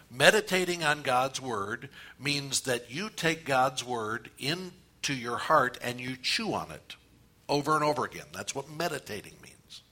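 A man preaching a sermon, animated, with repeated phrases and pauses. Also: medium pitch. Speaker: pastor.

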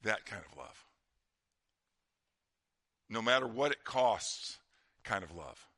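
Pastor guy preaching, really bright clear voice, dry close sound, goes quiet to make a point. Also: lowish voice, big pitch swings, slow pace, no echo. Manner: conversational preaching, drops to quiet emphasis. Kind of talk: sermon.

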